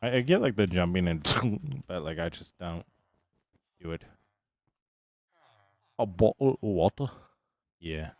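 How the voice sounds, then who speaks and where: Deep-voiced tired male streamer, dry sound. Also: a little slow, gravelly, dry recording. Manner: relaxed, chatty, greets chat by name. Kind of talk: casual live-stream chat.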